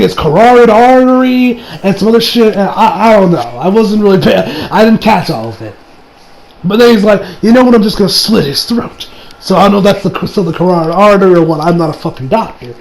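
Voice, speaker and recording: Rambling, gravelly anime reviewer. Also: male voice, high-pitched, brisk, darkish tone, poor audio. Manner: rambling, laughing, swearing. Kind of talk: casual episode recap.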